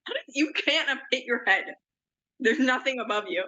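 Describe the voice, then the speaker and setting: A woman's voice: high-pitched, lively intonation, moderate pace, sharp tone, muffled recording. A young woman co-hosting a podcast in casual chat, rambling and self-deprecating. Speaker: podcast co-host.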